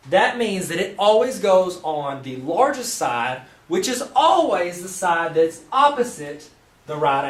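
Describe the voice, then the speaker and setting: Recorded from a distance in a roomy space with a whiteboard, a man teaches math in a joking style. His fairly high pitch bounces around with energy, and he lays out every step clearly, peppering it with playful asides to the viewer.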